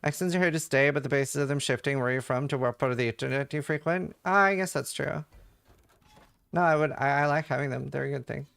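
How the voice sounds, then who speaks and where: A man's voice: mid-range voice, fast, creaky, fairly bright tone, smooth. A man from Norway with a light Norwegian accent, a game streamer chatting casually with his viewers, rambling with lots of fillers and playfully imitating accents. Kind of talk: casual chat with chat readers while gaming.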